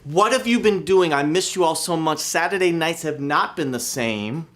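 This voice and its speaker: A man hosting a livestream show from Philadelphia, brash, excitable and profane as he calls out to viewers. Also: fairly high pitch, normal speed. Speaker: host and bandleader.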